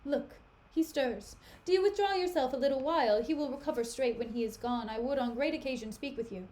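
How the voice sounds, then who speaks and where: A woman reading aloud the lines of a scheming male villain, a smooth false friend, in her own unhurried voice. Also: high-pitched, dark tone, natural voice.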